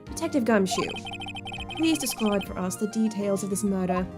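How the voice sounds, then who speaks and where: A woman voicing an impatient, fussy older male judge in a courtroom game, with slow, drawn-out speech. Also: mid-range voice, animated, over music, close to an everyday voice.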